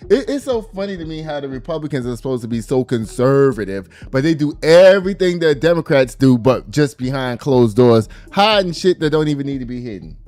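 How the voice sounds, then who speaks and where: A man's voice: mid-range voice, big pitch swings, brisk, few pauses, a little mellow, soft background music. A man hosting a casual commentary vlog, chatty and profane, talking straight to his viewers.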